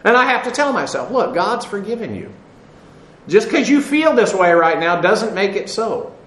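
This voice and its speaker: Male Bible teacher, sermon style, fairly high voice, patient explainer with fillers. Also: big pitch swings, a bit bright. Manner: unhurried, explanatory, many "uh" fillers, spells out Greek words. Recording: echoey room sound.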